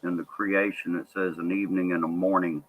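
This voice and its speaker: A man explaining a point slowly in casual chat, with many pauses and fillers. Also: deep voice, little pitch movement, phone-quality sound.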